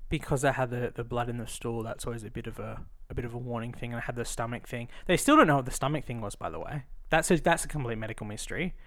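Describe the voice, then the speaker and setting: A man co-hosting a podcast in casual chat, speaking haltingly and restarting his sentences often. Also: mid-range voice, a bit bright. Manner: halting, with many restarts and fillers. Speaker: podcast co-host.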